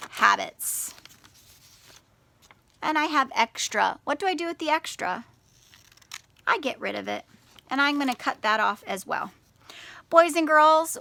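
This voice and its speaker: A woman teaching young children in a video lesson, speaking slowly and clearly and stretching out words syllable by syllable. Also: fairly high pitch, sharp tone, dry recording.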